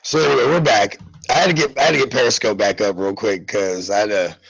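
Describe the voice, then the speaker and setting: A man's voice: lowish voice, fairly even intonation, quick pace, gravelly, fairly bright tone, husky, muffled recording. A man hosting a live talk radio show, chatting casually in a rambling way with lots of fillers and restarts. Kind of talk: casual live-stream chat.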